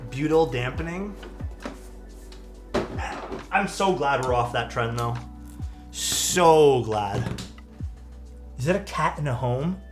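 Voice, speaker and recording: A man's voice: mid-range voice, animated, unhurried, pauses often. A young man talks casually on a live stream, answering chat as he works with his hands. His talk is loose and friendly, full of likes and restarts. Faint music plays underneath. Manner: chatty, answers chat while working, loose filler-heavy talk. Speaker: streamer building keyboards.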